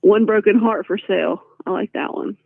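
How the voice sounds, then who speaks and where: A woman's voice: medium pitch, fairly even intonation, normal speed, vocal fry, no room sound. A woman chatting casually and playfully on a live stream, answering viewer comments with frequent laughter. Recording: tinny phone-like line.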